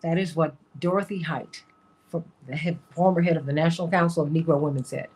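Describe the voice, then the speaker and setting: A woman's voice: sits low, fairly even intonation, fairly quick, darkish tone, husky. A woman hosting a talk show, talking casually and emphatically, repeating her points and laughing often.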